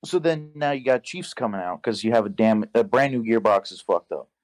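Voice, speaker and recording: A young man telling a work story in casual podcast chat, profane and animated, acting out the dialogue. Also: fairly low pitch, a little fast. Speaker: podcast guest.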